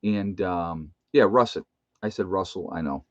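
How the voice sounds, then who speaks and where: A man's voice: low voice, unhurried, no echo, muffled recording. An older man, a retired nurse, chatting casually on a live stream, rambling and chuckling as he teases himself. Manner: rambling, chuckling, self-teasing. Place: indoor room with bookshelves.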